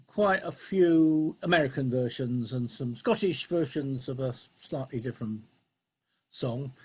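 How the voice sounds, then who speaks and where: A man's voice: medium pitch, a little slow, a little mellow, husky. A man introducing an old English folk song with a few fillers, then singing it unaccompanied on a home video call. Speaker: folk singer.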